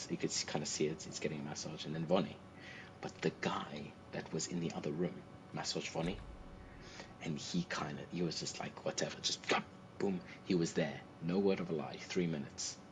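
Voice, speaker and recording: A man hosting a livestream, chatting casually and telling an animated anecdote, acting out the people he quotes. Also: a bass voice. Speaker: livestream host. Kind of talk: casual storytelling to a co-host. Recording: noisy livestream audio.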